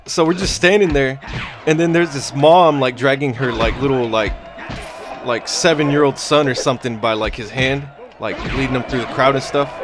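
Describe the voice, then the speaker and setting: A young man commentating his gameplay, telling stories in a crude, rambling, joking way. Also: medium pitch. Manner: crude, rambling, joking storytelling with frequent laughs. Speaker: gaming YouTuber. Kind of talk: let's play commentary. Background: game music.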